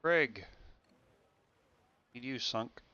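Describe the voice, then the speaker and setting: Bright-voiced young man streaming games. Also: mid-range voice, expressive, very slow, smooth, no room sound, highs cut off. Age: young adult. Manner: rambling, self-correcting chat. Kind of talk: casual gameplay commentary.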